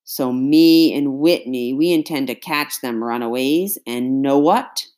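A woman voicing a slow-drawling cruel male slave catcher. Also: extremely low pitch, a little mellow. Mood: menacing. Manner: slow, drawling rural speech.

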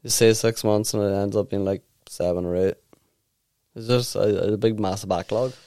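Clear-voiced man, dry. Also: lowish voice, steady tone, normal speed, mellow, dry recording. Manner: brief agreeing replies, swears casually. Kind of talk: casual chat.

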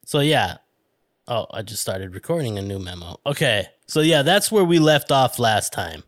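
A man's voice: medium pitch, sing-song, normal speed, no room sound, studio quality. A man hosting a podcast in casual chat, rambling and self-conscious, laughing and swearing. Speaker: podcast host.

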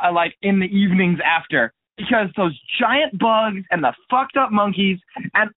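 A man with a high voice chats as a podcast guest, relaxed and wry as he tells his stories. He comes through a dry, thin line that sounds like a phone call. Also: no room sound. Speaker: guest, teacher. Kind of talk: casual chat.

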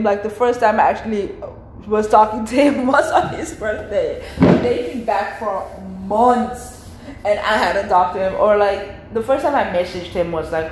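A young woman telling a casual storytime vlog, chatty and animated, full of slang and filler words. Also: mid-range voice. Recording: echoey room with faint hiss.

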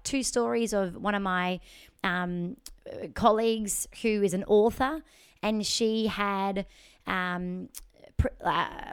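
A woman's voice: mid-range voice, smooth. A young woman hosting a podcast, telling encouraging stories in an upbeat, chatty way. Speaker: podcast host. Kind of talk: casual chat.

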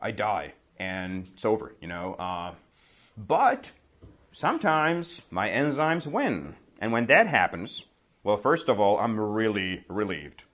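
A man with a slightly low voice tells a lesson as a casual story. He keeps asking himself questions and answering them, tacking "right?" onto his points. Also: slow pace. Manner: animated, asks and answers his own questions, often adds "right?". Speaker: teacher.

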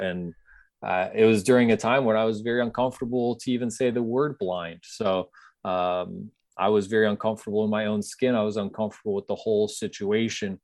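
A man's voice: fairly low pitch, fairly even intonation, brisk, darkish tone, no echo, clean studio sound. A man speaking as an interview guest, telling his story in an earnest, reflective way. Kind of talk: conversational interview.

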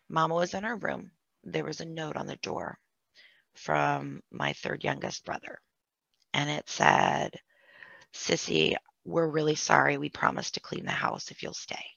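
Woman telling a family story, candid and emotional, bright tone with fry, dull dry recording. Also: deep voice, very animated, a little slow, long pauses, dry recording. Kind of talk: personal storytelling.

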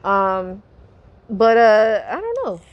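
Female podcast co-host, casual, teasing, quick to react; lively pitch. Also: highs cut off. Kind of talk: casual chat.

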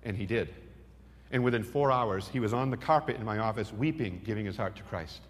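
A male preacher telling a story in a sermon, acting out the dialogue with lively energy. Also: on the low side, fairly quick. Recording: long hall reverb.

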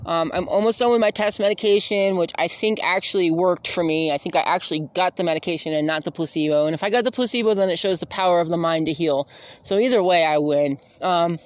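A woman hosts her own podcast while out on a walk outdoors, chatting casually and rambling with lots of fillers and self-corrections. She talks fast in a fairly low-pitched voice, with no room sound.

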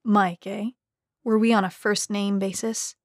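A woman voicing a scheming older woman senator who talks in a hushed, confiding way. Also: medium pitch, level tone, unhurried, no room sound, studio quality, natural voice. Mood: cool.

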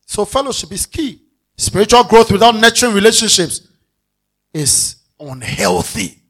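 A pastor with a Ghanaian accent preaching a sermon, animated, mixing English with Twi and acting out everyday scenes, now and then shouting for emphasis. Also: mid-range voice, normal speed, slightly rough.

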